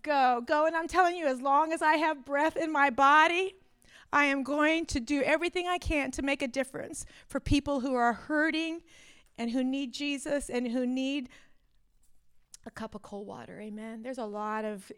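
A woman in her fifties, a pastor giving an animated conference talk, telling stories and acting out exchanges with rising intensity. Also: high-pitched, moderate pace. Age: 50s. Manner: animated storytelling, rising to near-shouting in acted exchanges.

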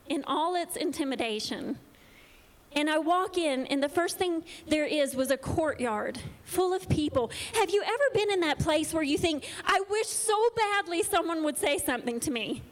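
A woman preaching a sermon, telling a personal testimony with repeated, emphatic phrases. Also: sits high. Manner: storytelling, repetitive emphatic phrasing.

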